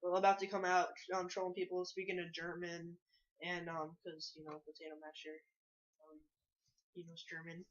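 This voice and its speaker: A young man telling a funny story among friends, halting and laughing as he goes. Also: high voice, monotone, a bit bright. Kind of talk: casual storytelling. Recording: muffled lo-fi recording.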